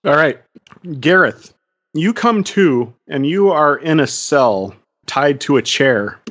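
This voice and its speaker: A man's voice: on the high side, expressive, slow pace, fairly bright tone, no echo. A man narrating a tabletop game as game master, describing scenes evenly.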